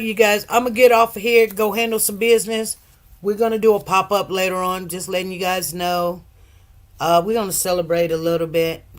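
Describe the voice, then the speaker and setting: A woman hosting a livestream, talking casually and emotionally to her viewers in a rambling, conversational way. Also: on the low side. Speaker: livestream host.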